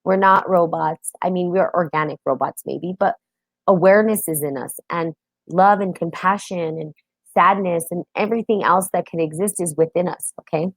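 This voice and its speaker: A woman's voice: fairly low pitch, normal speed, no room sound. A woman from the United States hosting a live stream, talking openly and casually and greeting viewers by name. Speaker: host.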